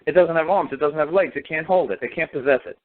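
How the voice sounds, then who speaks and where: Over a tinny phone line, a man calling in as a guest on a talk show rants emphatically and repeats himself in casual conversation. His voice is a little high and fast, with slight background noise.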